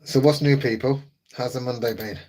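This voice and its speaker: A man's voice: mid-range voice, fairly even intonation, moderate pace, darkish tone, slight background noise, rough recording. A man chatting casually with his live-stream viewers, laughing often and teasing them.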